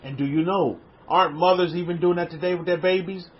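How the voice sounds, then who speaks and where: Male religious teacher, high pitch, gentle questioning delivery with hushed drops, muffled lo-fi audio. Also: steady tone, fast talker, slight background noise. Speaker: religious teacher leading an online class. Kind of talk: interactive spiritual teaching.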